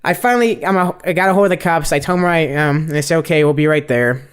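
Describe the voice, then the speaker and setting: A man on a podcast who rattles through a story at a very fast clip, his voice sitting a bit high. He swears freely and jumps into quoted voices as he goes. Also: clean tone. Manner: animated, profane, quotes people in voices. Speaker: podcast co-host.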